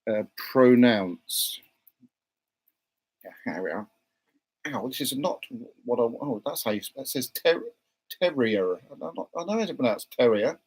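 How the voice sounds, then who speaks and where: A man's voice: medium pitch, animated, measured pace, long pauses, darkish tone, breathy edge, rough recording. A man hosting a live podcast, reading out listener comments and arguing playfully over pronunciation. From Britain. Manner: playfully argumentative, reads out chat comments. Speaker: podcast host. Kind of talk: casual live podcast chat.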